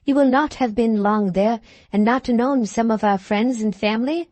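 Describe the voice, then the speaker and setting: A woman reading aloud voices a proud, spirited young Highland girl in an audiobook, lifting her pitch and speaking with a lilt. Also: normal speed, darkish tone, no echo, close to an everyday voice. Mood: delighted.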